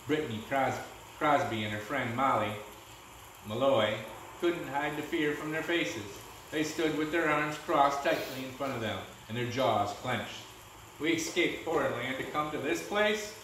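A man, a teacher, reading a storybook aloud to his class in a steady way. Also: mid-range voice, normal speed, slight background noise. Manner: steady, with small restarts. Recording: echoey room from far off.

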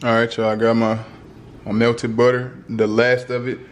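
A man's voice: medium pitch, monotone, moderate pace. A young man chatting casually to the camera as he cooks in a home kitchen, talking straight to his viewers. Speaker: cooking vlogger.

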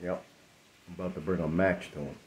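Man, very low voice, joking co-host, casual and profane. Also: steady tone, fairly quick, slight background noise. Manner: wisecracking, swears casually. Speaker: co-host, partner. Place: home kitchen.

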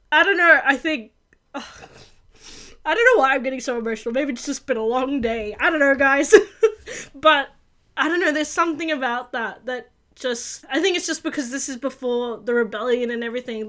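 High-voiced gushing young woman reviewer. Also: brisk, pushed and bright. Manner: gushing, emotional, laughs and cries easily. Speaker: reaction video host. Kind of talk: excited casual reaction commentary.

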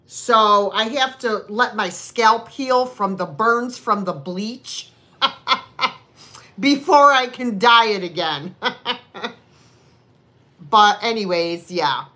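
A woman's voice: medium pitch, drawn-out words, pauses often, bright, forceful tone. A woman hosting a live online sale, chatting casually with buyers and making rambling, self-deprecating asides. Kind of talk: casual live-stream selling chat.

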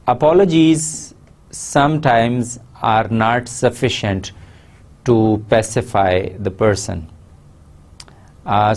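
Male lecturer, Pakistani accent, low-pitched, measured and explanatory delivery. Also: darkish tone. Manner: measured, explanatory, stresses key words. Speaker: university lecturer. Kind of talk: recorded lecture.

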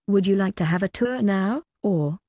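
A woman voicing a soft-mannered, polite young male butler in an audiobook, with formal, courteous speech. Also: medium pitch, moderate pace, breathy edge, no room sound, dull audio, natural voice.

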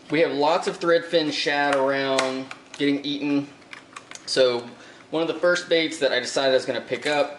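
A man at a middle pitch talks casually through an unboxing. He rambles along with plenty of fillers and repeated words, relaxed and unhurried. A faint noise sits behind him. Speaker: fishing vlogger. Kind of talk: casual tackle unboxing talk.

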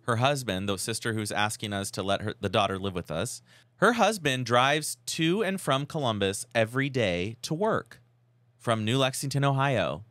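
A man's voice: mid-range voice, moderate pace, dry recording. A man co-hosting a podcast, telling a story in casual chat with lots of quoted dialogue. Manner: animated storytelling, mimics quoted texts. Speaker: podcast co-host.

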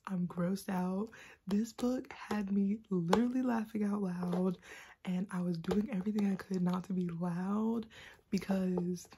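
A sleep-deprived woman in a book vlog, talking fast and giddy in a half-whisper, with a mix of Southern and Californian American accent. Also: medium pitch, steady tone, dark tone, slight background noise. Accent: mixed Southern and Californian American. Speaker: book vlogger. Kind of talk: excited early-morning book chat.

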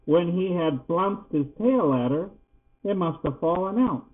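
Old grandpa reading a kids book real slow, kinda husky, sounds like a phone. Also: male voice, high voice, animated, phone-quality sound. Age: older. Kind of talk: storybook read-aloud.

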